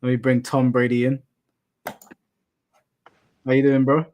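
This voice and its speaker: A man's voice: medium pitch, monotone, measured pace, highs cut off. A young adult man hosting a live stream, chatting casually with viewers and telling rambling anecdotes with casual swearing.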